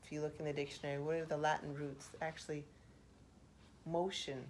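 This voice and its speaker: A woman speaking softly for ASMR, musing aloud with pauses and half-whispered asides. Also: deep voice, level tone, slight background noise. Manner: reflective, thinking aloud with pauses. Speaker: host. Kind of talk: soft-spoken ASMR poetry analysis.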